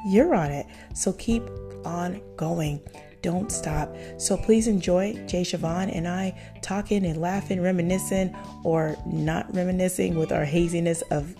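A woman's voice: on the low side, gravelly. A woman hosting her podcast, giving upbeat, faith-filled encouragement to listeners. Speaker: podcast host. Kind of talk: upbeat motivational podcast talk.

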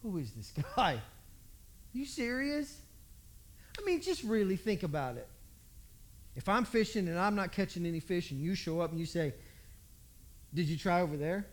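A man's voice: high voice, very animated, a little fast. A man preaching a folksy storytelling sermon, acting out the voices in the story.

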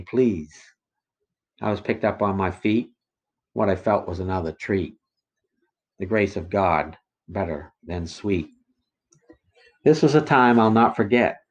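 A man reciting his own rhyming religious poems in a slow, measured, rhythmic way. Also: lowish voice. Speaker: poet reciting testimony. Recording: dull lo-fi recording.

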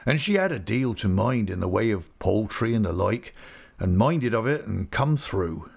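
A weathered old fisherman, as a male reader puts him on. His voice sits low and gravelly with a husky edge, rising and falling a lot as he talks slowly and earnestly. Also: sing-song, full character voice. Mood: wistful. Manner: slow, earnest, homely storytelling. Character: weathered older male fisherman, gentle and sorrowful. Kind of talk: audiobook character reading.

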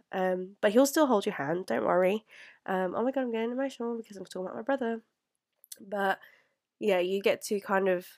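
Emotional young woman. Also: lowish voice. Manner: earnest, rambling, fillers and restarts. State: close to tears. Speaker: vlogger. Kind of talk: reflective letter to her past self.

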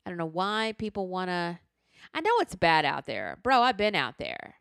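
A podcast co-host with a lowish, gravelly voice chats casually at a moderate pace, in a dry, studio-quality recording. She talks frankly and animatedly about what she's watching and recommends shows, using "y'all" and slang.

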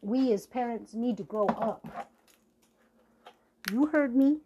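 A woman's voice: on the high side, slow, pauses often, dark tone, dull audio, a little hiss or hum. A woman hosting a podcast, ranting angrily and profanely in a confrontational personal monologue. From Native American. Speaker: podcast host.

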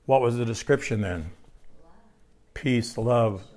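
A man's voice: mid-range voice, slow pace, darkish tone. Guy preaching a sermon, talks like a conversation, keeps asking the crowd stuff and repeating himself. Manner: conversational, asks the congregation questions and repeats key phrases. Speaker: pastor.

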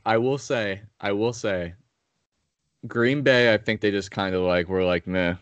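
A man's voice: fairly low pitch, measured pace, smooth, no room sound. A man hosting a casual sports betting podcast, blunt and profane, going through picks and calling on his co-hosts. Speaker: podcast host.

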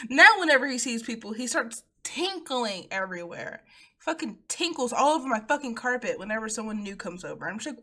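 Bright-voiced laughing woman telling stories. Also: on the high side, a little fast. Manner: laughing, profane, animated storytelling. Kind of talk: casual chat.

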